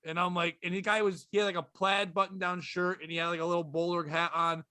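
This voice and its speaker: A man, a comedian guest, telling a story with casual profanity and deadpan delivery on a podcast. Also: high voice, fast talker, smooth, no room sound, clean studio sound.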